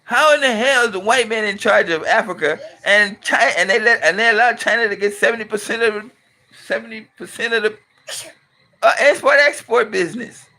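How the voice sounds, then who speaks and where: A man's voice: high-pitched, a little fast, bright, forceful tone. A middle-aged man from California, hosting his channel with a casual, blunt and emphatic opinionated monologue. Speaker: channel host and commentator.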